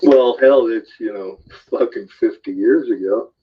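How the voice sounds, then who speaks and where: A man co-hosting a casual political chat, speaking haltingly with many ums and uhs and swearing casually. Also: lowish voice, slightly rough. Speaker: podcast co-host. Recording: dull lo-fi sound.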